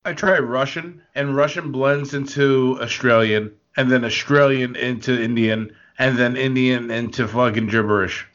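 A man's voice: mid-range voice, fairly even intonation, moderate pace, hardly any pauses, fairly bright tone, muffled recording. A man co-hosting a podcast, joking and playful in casual comedy banter, fond of odd words. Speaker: podcast co-host.

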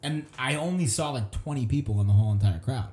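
Animated young man telling a story. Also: mid-range voice, quick pace, echoey room. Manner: animated, acts out voices in his stories. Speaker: comedian guest. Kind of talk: casual storytelling.

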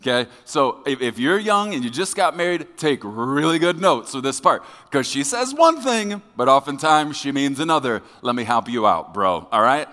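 A man preaching a sermon as pastor to his congregation, joking with them in a lively, conversational way. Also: medium pitch, moderate pace, hardly any pauses. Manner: lively, joking with the congregation, acting out quoted voices. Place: church sanctuary. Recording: long hall reverb.

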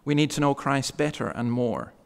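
A man preaching a sermon in a church, talking conversationally and slowing down to stress key words. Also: mid-range voice, lively intonation, gravelly, smooth, long reverb tail. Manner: conversational preaching, slows for emphasis.

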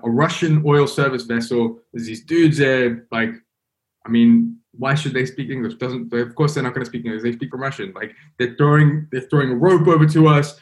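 Rambling young man telling a story. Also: medium pitch. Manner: rambling, full of "like" and "you know". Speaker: guest. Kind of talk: casual storytelling.

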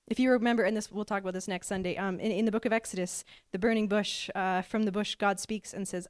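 A woman's voice: mid-range voice, fairly even intonation, fast, few pauses, no echo, studio quality. A woman in her thirties preaching a sermon, earnest and heartfelt, often repeating words as she starts a phrase. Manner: earnest, repeats words when starting a phrase, voices God's lines with feeling.

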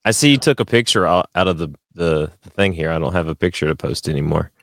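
A man's voice: sits low, fast talker, creaky, a bit bright, dry recording, clean studio sound. A man co-hosting a podcast in casual, crude chat, teasing and interrupting his partner with jokes. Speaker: podcast co-host.

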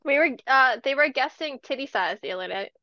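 A woman's voice: high voice, animated, fairly quick, no echo, highs cut off. A woman sitting in as co-host on a casual podcast, making wry, laughing remarks. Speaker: guest co-host.

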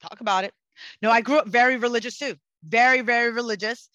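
A woman in a casual conversation, speaking passionately and forcefully about self-worth in a preachy, motivational way. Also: fairly high pitch, quick pace, dry recording, poor audio.

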